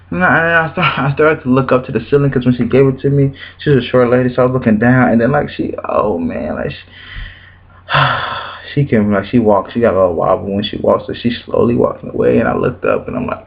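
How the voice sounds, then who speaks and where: A young man vlogging, telling a personal church story with emotion, animated and repetitive, his voice leaping high when he quotes people. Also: fast talker, creaky, phone-quality sound. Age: young adult.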